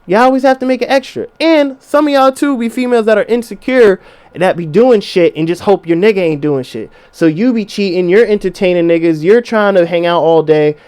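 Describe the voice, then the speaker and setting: A young man with a high voice talks straight to his listeners in a loose podcast monologue. He swears freely and slips into voices of the people he describes, and his delivery stays casual and animated. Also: a little fast, clear, resonant tone. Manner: profane, animated, acts out quoted voices. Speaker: podcast host.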